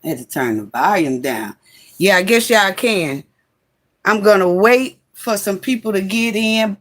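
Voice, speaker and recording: A woman's voice: mid-range voice, lively intonation, unhurried, a bit bright. Chatty woman greeting livestream viewers. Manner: chatty, greets viewers by name, fiddles with phone setup. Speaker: livestream host. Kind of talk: casual livestream chat. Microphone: phone.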